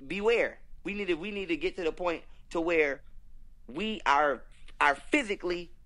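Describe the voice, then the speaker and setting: Young man, podcast guest, rapid-fire profane ranting, slightly high voice. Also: a bit bright. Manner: profane, emphatic, preachy ranting. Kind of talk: heated casual conversation.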